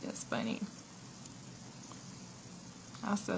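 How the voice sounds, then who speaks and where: A woman's voice: mid-range voice, steady tone, moderate pace, creaky, background noise. A woman sharing a spiritual testimony in a chatty, earnest way, often laughing as she retells it. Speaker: prophetess sharing a vision.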